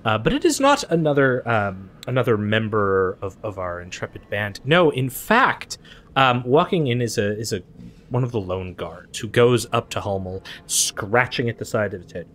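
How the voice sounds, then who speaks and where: Halting man narrating a tabletop game. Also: lowish voice, very animated, fairly bright tone, slight background noise. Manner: halting, with many fillers. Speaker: game master.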